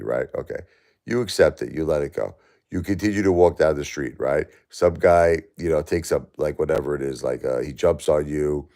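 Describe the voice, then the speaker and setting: A man in his forties hosts a livestream and argues passionately with a viewer. His voice sits extremely low, with a gravelly fry. He repeats himself as he presses each point. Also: darkish tone. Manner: impassioned, repetitive, arguing with a chat viewer. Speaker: livestream host. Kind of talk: emotional livestream chat.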